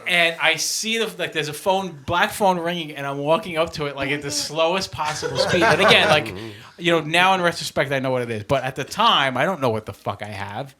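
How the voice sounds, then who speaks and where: Bright-voiced man telling a profane story. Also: a little high, fairly quick. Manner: animated, profane, laughing often. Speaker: podcast co-host. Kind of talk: casual storytelling.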